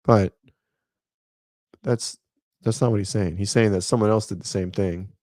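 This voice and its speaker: A man's voice: lowish voice, fairly even intonation, moderate pace, darkish tone, no echo, clean studio sound. A man in his thirties, a fitness coach and host, chatting casually on a livestream in a rambling, laid-back way and talking to viewers by name.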